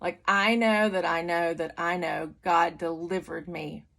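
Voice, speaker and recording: A woman's voice: on the low side, steady tone, unhurried, gravelly, fairly bright tone. A middle-aged woman giving a personal church testimony, candid and conversational with many fillers and restarts. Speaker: testimony speaker.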